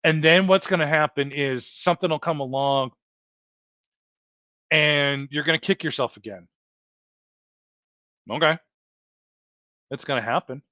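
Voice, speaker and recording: An earnest man hosts a heartfelt motivational livestream, circling back over his points and calling the audience folks. His voice sits a touch high. The sound is dull and lo-fi, with a dry, close feel. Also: a little slow, pauses often, pushed and bright, no room sound. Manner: earnest, repetitive, addresses viewers as folks. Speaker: livestream host.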